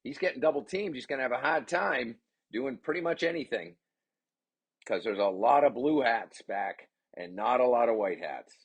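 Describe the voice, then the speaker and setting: A man giving chatty, excitable play-by-play commentary on his son's game, with rambling asides. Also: medium pitch, normal speed, creaky, slightly rough. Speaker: parent commentator.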